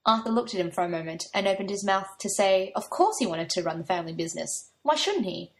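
A woman's voice: mid-range voice, animated, fast talker. A woman reading a story aloud, giving her own light touch to the young men's lines. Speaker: narrator.

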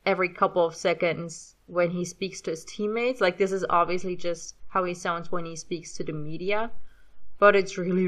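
German-accented woman, 30s, bright clear tone, chatty self-mocking commentary. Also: on the low side. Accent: light German. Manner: chatty, self-deprecating, rambling with restarts. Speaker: fan audio reader. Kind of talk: casual spoken commentary.

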